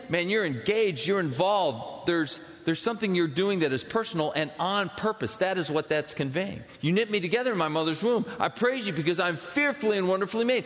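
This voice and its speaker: Animated preacher man in a reverberant hall. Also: sits high. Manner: animated storytelling, swings from loud excitement to hushed intensity. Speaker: pastor. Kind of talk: sermon.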